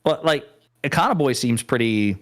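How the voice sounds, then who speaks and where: A man's voice: medium pitch, lively intonation, moderate pace. Hesitant man in casual chat. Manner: hesitant, hedging.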